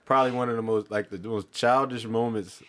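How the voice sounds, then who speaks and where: A man's voice: mid-range voice, steady tone, fairly quick, fairly bright tone. A man co-hosting a casual podcast with friends, telling a funny story and acting out the characters while laughing. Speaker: podcast co-host. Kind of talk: casual chat among friends.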